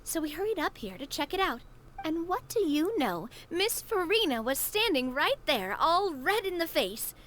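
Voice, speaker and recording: A woman's voice: very high-pitched, very animated, moderate pace, a bit bright, a little hiss or hum, full character voice. A woman voicing a cheerful, sociable young woman in a video game, friendly and bubbly in manner. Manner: bubbly, friendly, calls others partner.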